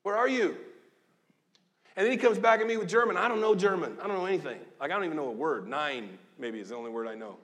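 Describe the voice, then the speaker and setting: A man in his fifties, a pastor giving a lively, joking, conversational sermon in a church. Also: sits high, quick pace. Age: 50s. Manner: animated, joking, conversational preaching. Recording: long echo of a large hall.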